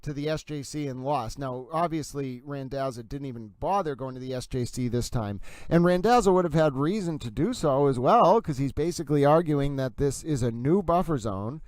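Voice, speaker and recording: A man hosting a casual livestream, reading viewer comments aloud and reacting to a court ruling in an animated, gossipy way. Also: medium pitch, moderate pace, few pauses, no room sound.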